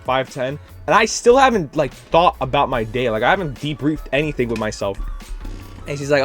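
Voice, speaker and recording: A man's voice: a little high, moderate pace, soft background music. Tired young man rambling through a story. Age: young adult. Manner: rambling, animated retelling with many fillers. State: tired, drained. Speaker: student teacher. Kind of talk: casual storytelling vlog.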